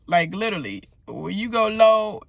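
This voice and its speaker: A woman's voice: medium pitch, normal speed, vocal fry, dry recording. A woman, ranting casually in slang while recapping a reality show and acting out its cast. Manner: animated, slangy, acts out the cast members' lines. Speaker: recap vlogger.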